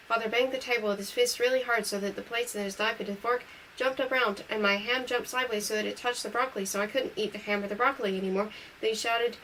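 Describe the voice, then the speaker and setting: A woman reading a novel aloud in a brisk, matter-of-fact first-person voice. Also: fairly high pitch, steady tone, fairly bright tone. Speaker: reader. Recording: distant mic with faint hiss.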